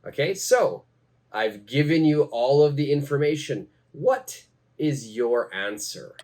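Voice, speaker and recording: Slow, deliberate man teaching English. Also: mid-range voice, lively intonation, darkish tone. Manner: repeats phrases slowly for learners.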